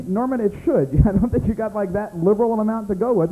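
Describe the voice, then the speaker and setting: Brash high-voiced American comic on tinny tape. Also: male voice, quick pace, hardly any pauses. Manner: brash, teasing audience members by name. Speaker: stand-up comedian. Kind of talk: stand-up comedy set with crowd work. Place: small club.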